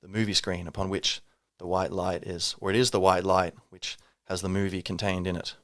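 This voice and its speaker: A man's voice: low-pitched, little pitch movement, a little fast, fairly bright tone, dry recording, studio quality. A man hosting a solo podcast, talking reflectively and rambling, with many fillers and restarts. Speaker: podcast host.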